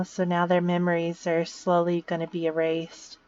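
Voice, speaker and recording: A woman's voice: on the low side, monotone, moderate pace, a little mellow, clear, resonant tone, soft background music. A woman casually narrating a game story, explaining events with fillers and repeated words, on a dull lo-fi recording. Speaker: video narrator.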